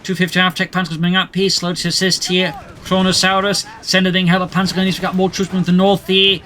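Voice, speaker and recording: A man with a high, bright, sharp-edged voice calls a strategy game match play by play. He keeps up a brisk running narration and drops dry jokes along the way. A faint hiss of noise sits under his voice. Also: completely flat delivery. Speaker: match commentator. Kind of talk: play-by-play video game commentary.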